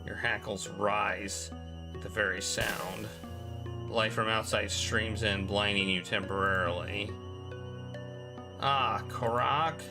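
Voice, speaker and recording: A man's voice: fairly low pitch, flat delivery, measured pace, music in the background. A man reading a game's story text aloud as a let's play host, with dramatic voiced reactions.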